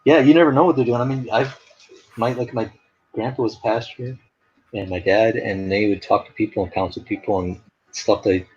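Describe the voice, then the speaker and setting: A man's voice: lowish voice, fairly even intonation, brisk, a little mellow. A man chatting casually on a live stream, telling rambling stories full of fillers. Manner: rambling storyteller, many fillers. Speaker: artist hosting a live stream. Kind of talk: casual chat. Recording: dull lo-fi stream audio.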